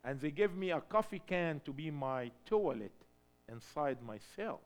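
Man from Egypt, preacher, high animated voice, unhurried, shifts from hushed to shouting. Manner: emphatic, swings from hushed to shouting. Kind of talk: sermon testimony.

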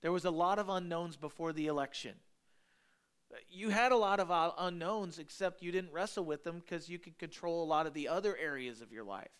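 A male pastor delivers a sermon in an animated, conversational style, throwing emphatic asides to the congregation. His voice is on the high side with a clean tone, and he moves briskly.

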